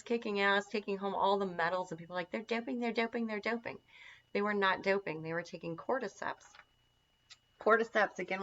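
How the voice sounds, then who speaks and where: A woman's voice: mid-range voice, fairly bright tone. A woman teaching a casual lesson on herbal remedies, chatty and enthusiastic, with lots of fillers. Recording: dull lo-fi sound.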